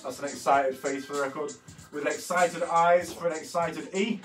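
A man's voice: a little high, steady tone, moderate pace, a bit bright. Rambling man in his thirties. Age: 30s. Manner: chatty and rambling, with frequent fillers and self-corrections. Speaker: art workshop host. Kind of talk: casual walkthrough of artwork. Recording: slightly distant mic with faint music behind.

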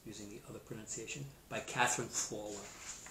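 Playful teacher in an echoey room. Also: male voice, fairly low pitch, steady tone, a little fast, a bit bright, a little hiss or hum. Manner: playful, chatty, laughs at himself. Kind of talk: online math lesson with read-aloud. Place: Seattle.

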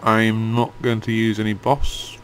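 A man's voice: lowish voice, monotone, measured pace, a little hiss or hum. A young man giving casual let's-play commentary, grumbling and swearing when the game annoys him. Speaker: gaming channel host.

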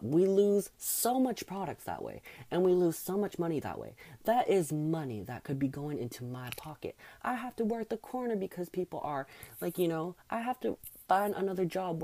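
A young man vlogging an animated, sassy rant about his job, worn out and tired. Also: high voice, normal speed, gravelly. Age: young adult. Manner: sassy, dramatic, acts out customers and himself in shifting voices.

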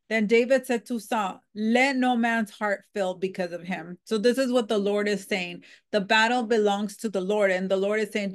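A woman giving casual Bible teaching, reading scripture aloud and retelling it in a chatty, animated way. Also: medium pitch. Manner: conversational and animated, dramatizing the characters with "like".

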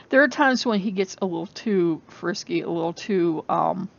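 A woman's voice: on the low side, animated, moderate pace, gravelly, highs cut off. A woman vlogging in casual chat to camera, rambling and laughing often, sounding exasperated.

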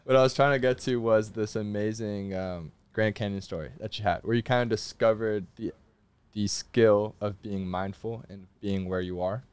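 A man hosting a podcast, asking questions in a relaxed way and laughing easily. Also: fairly low pitch, moderate pace, clear, resonant tone, no room sound. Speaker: podcast host. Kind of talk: casual podcast chat.

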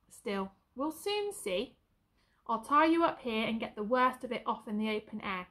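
Gentle young soldier, soft coaxing voice, slightly high, as a woman reads him. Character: gentle young soldier, man, kind with horses.

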